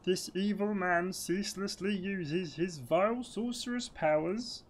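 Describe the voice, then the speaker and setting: A man voicing an ancient, dying male guardian tree in a slow, grand storybook reading. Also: sits high, slight background noise, voice pushed up. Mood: solemn.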